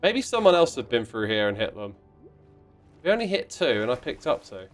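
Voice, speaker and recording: A man's voice: medium pitch, sing-song, brisk, faint music behind. A man hosting a game livestream in casual chat, reading out viewer messages in a playful, mock-indignant way with sudden exclamations. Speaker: livestream host playing a block-building game.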